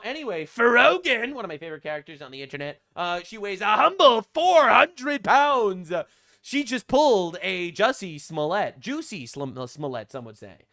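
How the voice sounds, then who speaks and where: Male channel host, high lively voice, bright and sharp, sarcastic mocking commentary. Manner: mocking, deadpan sarcasm with frequent fillers.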